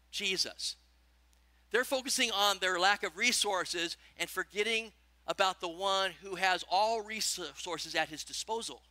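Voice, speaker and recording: A man's voice: sits high, no echo. A man preaching a sermon and asking his listeners questions as he teaches. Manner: animated preaching, asks the congregation questions. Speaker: pastor.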